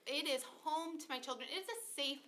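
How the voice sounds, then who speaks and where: A woman's voice: high voice, brisk. A woman in her thirties talking casually and animatedly about church life and her kids, often acting out what people said. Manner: animated, acts out quoted voices. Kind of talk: casual conversational talk.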